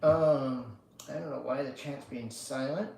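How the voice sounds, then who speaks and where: A man hosting a casual livestream, ranting slowly and profanely and chanting slogans. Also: mid-range voice, vocal fry, dark tone, echoey room. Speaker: livestream host. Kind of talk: casual political livestream rant.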